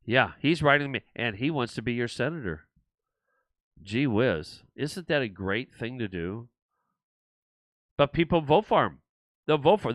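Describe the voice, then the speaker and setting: A man's voice: medium pitch, a bit bright, no echo. An older man hosting his own show, rambling and frustrated, with many restarts and repeated words. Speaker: show host. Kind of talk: political talk show monologue.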